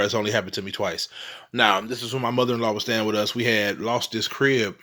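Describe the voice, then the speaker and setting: A man from St. Louis in middle age talks straight to his viewers in a loose, rambling monologue. His voice sits on the low side, and he swears freely and keeps checking in with his listeners as he goes. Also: a bit bright. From St. Louis, Missouri. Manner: rambling and profane, keeps asking "you know what I'm saying". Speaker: vlogger telling ghost stories. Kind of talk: casual storytelling monologue.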